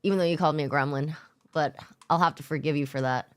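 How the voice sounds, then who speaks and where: A fast-talking woman with a low, smooth, steady voice hangs out with her live stream audience after work. Tired and giggly, she swears freely, keeps things loose, and says hello to chatters by name.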